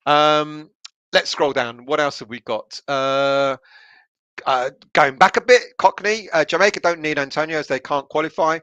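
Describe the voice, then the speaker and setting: A man's voice: a little high, normal speed, fairly bright tone, clean tone, no echo. A man from England hosting a casual live stream, reading out viewers' comments and answering each one in a chatty way, with lots of fillers and restarts. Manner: chatty, laughs often, many fillers and restarts. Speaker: podcast host reading live chat comments.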